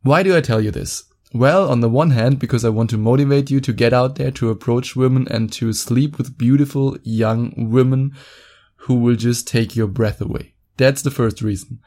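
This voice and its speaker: Man, podcast host, blunt and boastful, dark mellow tone. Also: medium pitch, normal speed. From Germany. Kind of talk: casual monologue podcast.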